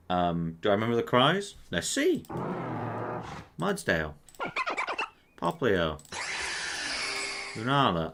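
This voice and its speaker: With a lowish, slightly bright voice, this young quiz player talks himself through questions at his computer, swearing often and poking fun at himself in an easygoing way. Slight background noise sits under the clear clicking of his mouse.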